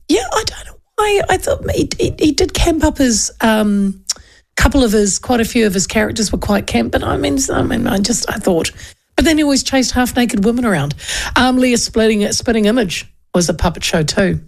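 Chatty woman host with a gravelly edge. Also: medium pitch. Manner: chatty, laughs often, trails off mid-sentence. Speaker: radio host. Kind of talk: casual chat reading listener texts.

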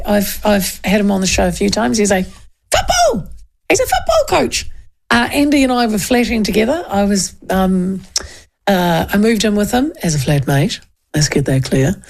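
A woman's voice: on the high side, very animated, a little slow, gravelly. A woman, hosting a casual radio show and chatting in a rambling, self-interrupting way. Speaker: radio host.

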